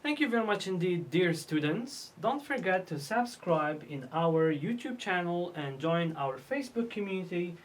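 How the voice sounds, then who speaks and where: A woman's voice: lowish voice, animated, moderate pace, hardly any pauses. A woman teaching English pronunciation, asking and answering her own questions and repeating each word. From North Africa. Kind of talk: slow classroom lesson.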